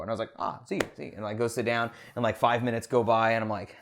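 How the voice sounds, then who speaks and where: Swearing freely as he goes, this podcast co-host spins animated stories in a casual conversation. He has a mid-range voice and keeps to a moderate pace.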